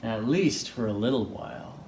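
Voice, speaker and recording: A man reading a children's picture book aloud, slow and playful, doing voices as he goes. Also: reverberant, noisy background. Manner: slow, expressive, playful read-aloud with lively pitch. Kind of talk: storybook read-aloud with voices.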